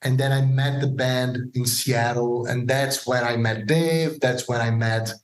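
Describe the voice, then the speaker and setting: A man as a podcast guest, telling stories casually and acting out the dialogue with lively voices. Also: mid-range voice, unhurried. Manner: animated, acts out quoted dialogue. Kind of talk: casual storytelling interview. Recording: roomy echo.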